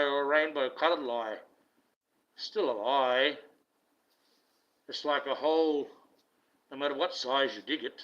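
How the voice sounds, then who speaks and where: A man's voice: medium pitch, a bit bright. A man, a self-styled online preacher, delivering a blunt, profane, indignant rant. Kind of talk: ranting monologue. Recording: dull lo-fi recording.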